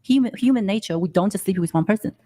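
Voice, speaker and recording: A woman guest on a podcast, defending herself in halting, broken English and repeating words. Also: mid-range voice, warm tone. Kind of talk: defensive casual talk.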